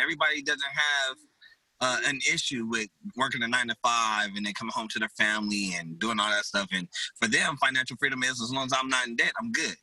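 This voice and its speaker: A man co-hosting a casual chat, rambling with halting restarts. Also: medium pitch, sharp tone, no room sound, poor audio. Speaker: co-host.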